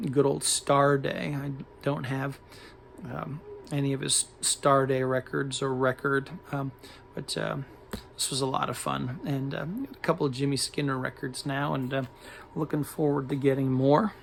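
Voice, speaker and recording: A man's voice: mid-range voice, gravelly, a bit bright, slight background noise. A man talking casually through a record haul, hesitant and full of ums and uhs, keen on odd finds. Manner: enthusiastic about odd records. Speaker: record collector showing a haul.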